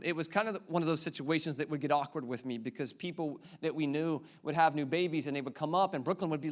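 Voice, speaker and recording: A man in his thirties speaks quickly with a fairly high pitch and barely pauses. He's a pastor delivering a sermon in a church auditorium, playfully quizzing the congregation with repeated questions.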